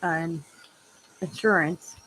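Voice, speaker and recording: Crafting live, an older Wisconsin woman who runs a craft channel wanders through family anecdotes and laughs at her own stories. Her voice is lowish, steady, slow and a bit bright, with slight background noise.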